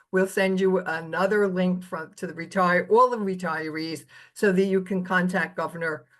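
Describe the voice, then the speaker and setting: A woman speaking up at an online union meeting, earnestly urging members to rally and send testimony. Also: lowish voice. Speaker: union activist.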